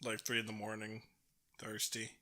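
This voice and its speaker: Young man with a bright, laughing voice. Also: fairly low pitch, monotone, normal speed. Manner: laughs often, loose and jokey. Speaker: podcast co-host. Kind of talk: casual podcast banter. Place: hot small room.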